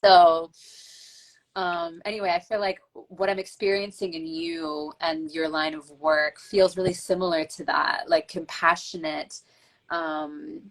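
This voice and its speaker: A woman hosting a casual podcast, telling stories in an animated way, full of likes and ums. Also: low voice, a little slow, poor audio. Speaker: podcast host.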